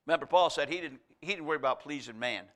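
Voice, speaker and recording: In a fast sermon, a man with a high, bright, ringing voice drives his points home with paired contrasts. Between them, he reads scripture aloud.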